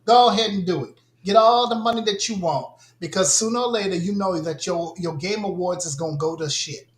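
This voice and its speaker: A man's voice: high voice, fairly quick, echoey room. A man co-hosting a gaming podcast, ranting bluntly and with a lot of swearing in casual chat. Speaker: podcast co-host.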